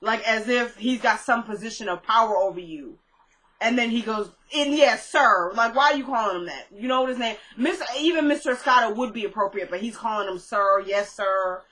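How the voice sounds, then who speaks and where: Woman recapper, bright tone, casual chatty delivery, quotes the characters as she goes. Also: fairly high pitch, a little fast, poor audio. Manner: chatty, retells scenes with quoted lines and asides. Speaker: recap vlogger.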